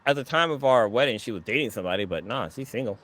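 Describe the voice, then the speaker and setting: A man's voice: mid-range voice, lively intonation, rapid-fire, fairly bright tone. A married man in casual podcast chat, joking and teasing his friends.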